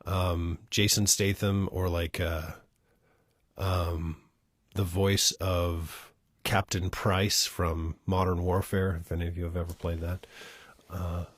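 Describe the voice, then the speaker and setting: A low-pitched man with a husky grain reads poems in an unhurried, measured way. Between readings he chats with viewers, softly and with lots of hesitations. The sound is dry and close. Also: flat delivery, no room sound. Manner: measured and soft, with many hesitations when chatting. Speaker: host of a live reading stream. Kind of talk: live-stream poetry reading and chat with viewers.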